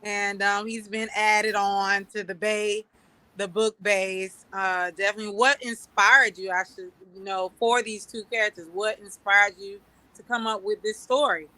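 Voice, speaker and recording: A woman moderating a casual panel, speaking encouragingly with many fillers and pauses. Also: mid-range voice, fairly even intonation, no echo. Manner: warm, encouraging, halting with fillers.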